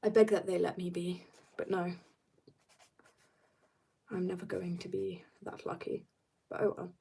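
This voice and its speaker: A teenage girl from South Africa, a little husky from being ill, rambling playfully as she greets viewers and chats while drawing on a live stream. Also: lowish voice, flat delivery, unhurried, warm tone. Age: teens. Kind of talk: casual live-stream chat.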